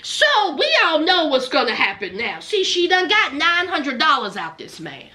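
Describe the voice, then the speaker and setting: Sassy high-voiced woman roasting reality TV. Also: big pitch swings, normal speed, sharp tone. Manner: sassy, blunt and mocking, slipping into low muttered asides. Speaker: reality-show recap commentator. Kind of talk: comedic reaction commentary.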